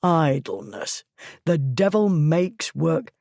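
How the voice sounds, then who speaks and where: A woman's voice: low voice, animated, takes it slowly, vocal fry, mellow, no room sound, studio quality, heavily acted. A woman reading an audiobook voices a stern, moralizing man who speaks in curt, cold phrases. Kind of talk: audiobook character voice.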